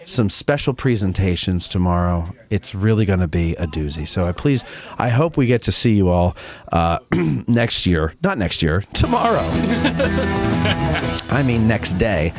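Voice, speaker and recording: A man's voice: sits low, lively intonation, a little slow, soft background music. Laughing, rambling podcast host man. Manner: laughing, rambling, self-mocking. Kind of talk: casual chat.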